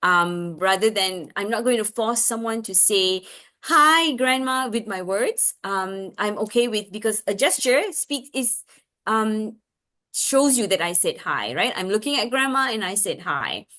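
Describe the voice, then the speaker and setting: A woman's voice: mid-range voice, expressive, measured pace. A woman speech expert in a video-call webinar, answering parents' questions in an earnest way, often restarting and checking in with "right?". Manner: acts out parent-child exchanges in a brighter voice.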